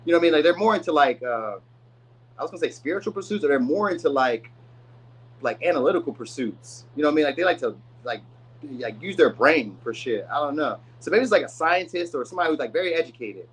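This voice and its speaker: A man's voice: on the high side, animated, quick pace, husky, rough recording. A man giving a casual, rambling tarot reading. He uses slang and often says "you know what I mean.". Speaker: tarot reader.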